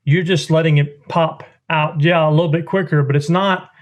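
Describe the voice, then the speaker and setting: Duck-call maker, folksy drawl, fairly high voice. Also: male voice, steady tone, normal speed. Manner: drawling, folksy, mimics duck sounds with his voice. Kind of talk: instructional explanation.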